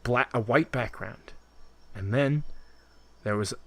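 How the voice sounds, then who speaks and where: A man's voice: medium pitch, takes it slowly, gravelly, fairly bright tone, no echo. A man co-hosting a casual video game podcast, rambling with lots of laughs and filler words. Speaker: podcast co-host. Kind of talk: casual chat about video games.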